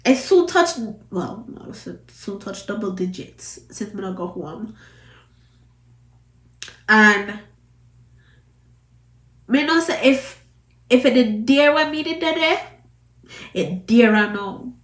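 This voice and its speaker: A woman's voice: medium pitch, lively intonation, slow pace, pauses often, reverberant. A Jamaican woman with a trace of a British accent, giving an emphatic, scolding commentary to camera in patois. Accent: Jamaican, with some British. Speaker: vlogger.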